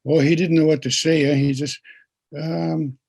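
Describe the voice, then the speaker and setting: A man speaking as a guest speaker, telling stories in a gentle teaching way and having listeners repeat words after him. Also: a little high, flat delivery, normal speed, gravelly. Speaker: guest speaker and pipe keeper. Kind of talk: storytelling teaching talk.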